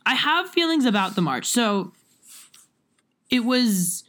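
Rambling, animated woman in casual talk. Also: a little high, slow pace. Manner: rambling, with many fillers and restarts. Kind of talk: casual chat.

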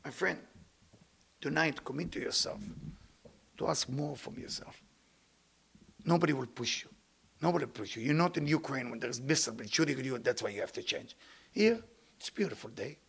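Lively, gravelly man giving a pep talk. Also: medium pitch, moderate pace. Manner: animated, playful, repeats words in long lists; speaks non-native English with dropped words. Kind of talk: motivational talk.

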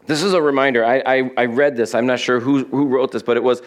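A man's voice: fairly even intonation, quick pace. A male pastor preaching an expository sermon in a conversational way, asking his listeners questions and acting out the quoted lines. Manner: acts out quoted lines with shifts in pitch and pace.

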